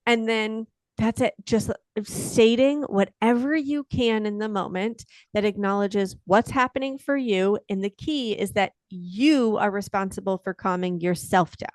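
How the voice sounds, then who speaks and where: A woman speaking as a parenting expert guest on a podcast, lively and acting out the things parents might say. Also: mid-range voice, a little slow, hardly any pauses, dry recording, studio quality. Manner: animated, acts out quoted lines. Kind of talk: conversational interview. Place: podcast interview.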